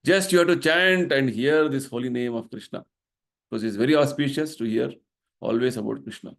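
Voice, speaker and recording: In a brisk, mid-range voice with vocal fry, a middle-aged temple vice president gives a spiritual talk. He explains his points with earnestness and checks in with the audience by asking "right?".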